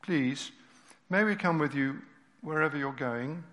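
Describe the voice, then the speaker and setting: A man gently voicing a polite, concerned girl. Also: a little high, unhurried. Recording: reverberant hall.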